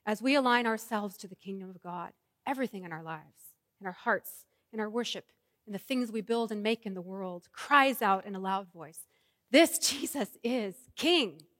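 A woman's voice: medium pitch, moderate pace, a bit bright, no room sound, clean studio sound, long reverb tail. A woman pastor preaching a sermon in a rhythmic, repetitive cadence and leading her congregation in prayer.

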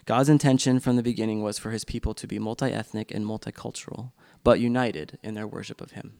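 A man's voice: on the low side, fairly even intonation, brisk, gravelly, warm tone. A man leading a church class discussion in a loose, unscripted way, with frequent ums and restarts.

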